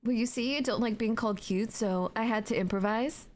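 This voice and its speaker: A fairly high, slightly mellow female voice comes a bit fast as a young woman streams on Twitch from home. She reads her chat aloud and jokes with viewers in a wandering, filler-laden way between yawns.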